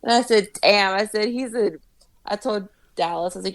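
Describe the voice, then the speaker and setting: A woman as a podcast guest in casual chat, telling animated stories, swearing freely and laughing often. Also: mid-range voice, normal speed, dry recording.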